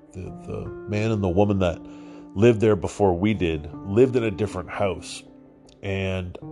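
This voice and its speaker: Deep voiced guy rambling, swearing, lots of ums, chill podcast storytelling. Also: darkish tone. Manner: rambling, profane, with many fillers and restarts. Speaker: podcast host. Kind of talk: casual storytelling.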